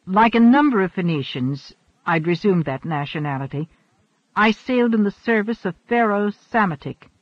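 Ageless immortal man, earnest and formal, high-voiced, read by a male narrator, dry dull recording. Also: lively intonation, normal speed, dry recording.

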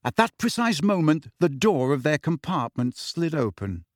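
Man narrating an audiobook with lively pitch. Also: normal speed, no room sound, studio quality. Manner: expressive, lively storytelling. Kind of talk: scripted narration.

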